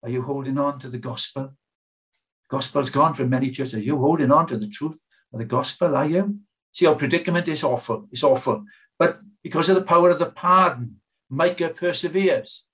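A man's voice: medium pitch, fairly quick, fairly bright tone. An older British man preaching a sermon in an earnest, pleading way, asking his hearers many questions.

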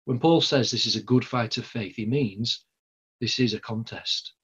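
The recording is lo-fi, and the speaker is a man whose medium-pitched, slightly rough voice keeps a moderate pace. He delivers a sermon in Lancashire English, wandering conversationally with plenty of fillers and false starts.

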